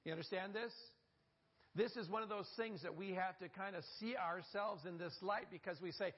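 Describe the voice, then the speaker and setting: A man's voice: high-pitched, lively intonation, moderate pace, highs cut off. A male pastor, delivering a sermon and drawing the congregation into call-and-response. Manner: call-and-response preaching, prompting the congregation to repeat.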